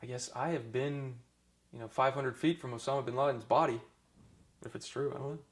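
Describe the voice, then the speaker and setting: A man's voice: mid-range voice, fairly even intonation, brisk, a little hiss or hum. A man in his thirties, a former army dentist, telling his stories in a casual oral history interview, with many restarts and fillers.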